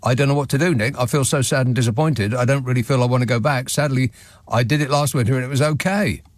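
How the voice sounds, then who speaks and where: Dry, sardonic radio host. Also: male voice, mid-range voice, fast talker, dry recording. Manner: dry, sardonic, wry chuckles. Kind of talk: talk radio, reading out listener messages. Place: radio studio. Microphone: studio microphone.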